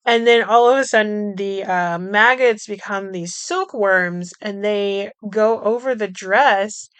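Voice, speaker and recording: A young woman hosting a podcast, recapping a movie in a chatty way, with frequent laughs, swearing and quick asides. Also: mid-range voice, clear, resonant tone, no echo. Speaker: podcast host.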